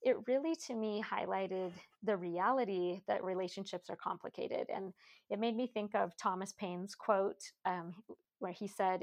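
A woman's voice: medium pitch, moderate pace, gravelly. A woman co-hosting a podcast, reflecting aloud and analytically in a casual book discussion. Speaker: podcast co-host discussing literature.

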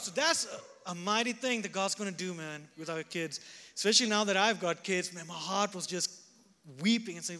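Male pastor, high bright voice, fervent sermon delivery, echoey hall. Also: a little fast. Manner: fervent, swings from shouting to quiet prayerful tones. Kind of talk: sermon at a revival gathering.

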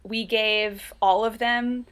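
A woman's voice: a little high, steady tone, slow pace, fairly bright tone, smooth. A woman in a casual chat with friends, talking reflectively and laughing easily.

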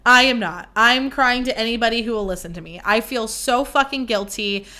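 A woman's voice: a little high, normal speed, bright, forceful tone. A young woman hosting a podcast, telling a story in a rambling, casual way, full of fillers and swearing. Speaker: podcast host.

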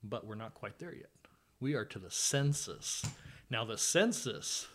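A man's voice: lowish voice, moderate pace, fairly bright tone. Man hosting a casual Bible talk. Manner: conversational, with fillers and dry sarcasm. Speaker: podcast host. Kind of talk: casual Bible study chat.

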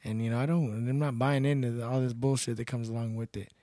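A man's voice: medium pitch, steady tone, quick pace, dark tone, slight background noise. A young man from Texas, a guest telling stories in a casual podcast chat, blunt and laid-back, swearing freely. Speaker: podcast guest, bouncer and MMA fighter.

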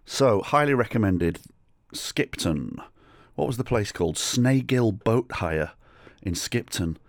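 A man's voice: lowish voice, lively intonation, takes it slowly, no echo, studio quality. A middle-aged man hosting a solo podcast, telling rambling, sweary, self-deprecating anecdotes. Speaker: podcast host. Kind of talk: solo comedic storytelling.

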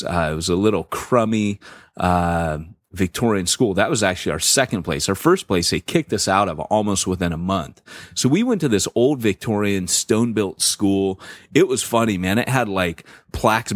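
Middle-aged male podcast co-host, low voice, dry close sound, slangy animated storyteller. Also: dry recording. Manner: animated, slangy, lots of fillers. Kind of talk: casual storytelling chat.

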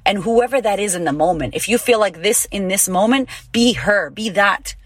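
A woman's voice: mid-range voice, normal speed, no echo. A woman in her thirties hosting a podcast, giving a casual motivational talk in a blunt, emphatic way, swearing freely. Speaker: podcast host and confidence coach.

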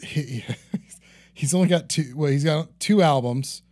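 A man who is a guest on a podcast, chatting casually about comedy and teasing with quick joking asides. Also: a little high, a little mellow, no room sound, clean studio sound.

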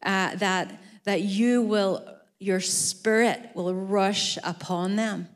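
A woman's voice: medium pitch, steady tone, takes it slowly. A woman leading an earnest spoken prayer over church leaders.

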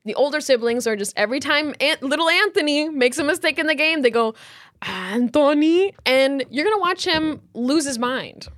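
A woman co-hosting a casual sibling podcast, telling stories with lively acted-out quotes, on a close mic. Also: fairly quick, hardly any pauses, no room sound. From United States. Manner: animated storyteller, acts out quotes with big pitch jumps. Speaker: podcast co-host.

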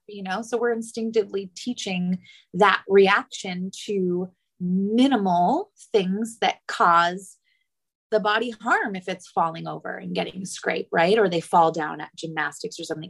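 A young woman hosting a podcast interview, talking in a chatty, rambling way and jumping up high when she quotes others. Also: unhurried, creaky. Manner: animated, rambling, jumps high for quoted voices. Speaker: podcast host. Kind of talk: casual interview chat.

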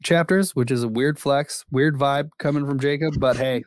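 A man's voice: medium pitch, moderate pace, dry recording, clean studio sound. Playful young man, podcast co-host. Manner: playful, laughing often. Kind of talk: casual podcast chat.

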